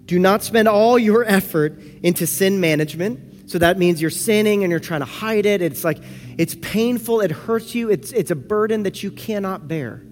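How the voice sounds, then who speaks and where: A man preaching a sermon as pastor, earnest, moving between soft slow passages and lively, louder ones. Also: high-pitched, soft background music. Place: church sanctuary.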